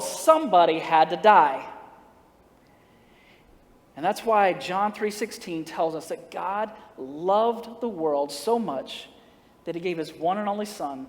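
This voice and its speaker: High-voiced man preaching in an echoing church. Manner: folksy, humorous, acts out dialogue, laughs at own jokes. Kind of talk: storytelling sermon. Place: church sanctuary. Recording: long reverb of a church sanctuary.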